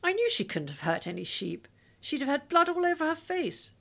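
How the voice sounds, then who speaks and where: A woman's voice: sits high, very animated, a little fast, creaky, fairly bright tone, voice pushed up, heavily acted. A woman reading the lines of a mother, polite and firm.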